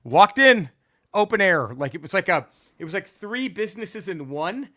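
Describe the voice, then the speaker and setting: A man's voice: high-pitched, moderate pace, no echo, clean studio sound. A man from Texas telling a profane road trip story as a podcast co-host, acting out what people said. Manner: animated, profane, acts out quotes.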